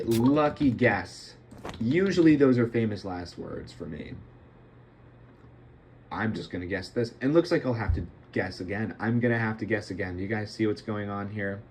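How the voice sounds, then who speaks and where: A man's voice: on the low side, a little hiss or hum. A young man rambling and joking while he plays a puzzle game late at night, often poking fun at himself. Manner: joking, self-deprecating, rambling. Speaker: gameplay streamer.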